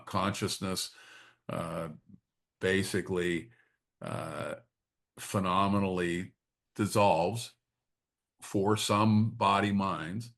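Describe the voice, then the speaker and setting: A man with a fairly low voice leads a spiritual study group in a reflective teaching talk. He speaks haltingly, often repeating his words and adding quick tag questions to check in with his listeners. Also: fairly bright tone.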